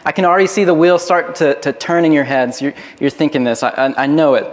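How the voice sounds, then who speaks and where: A man's voice: fairly high pitch, fairly even intonation, fast, hardly any pauses, in a large hall. A man preaching a sermon as pastor, earnest and often repeating words as he starts a phrase.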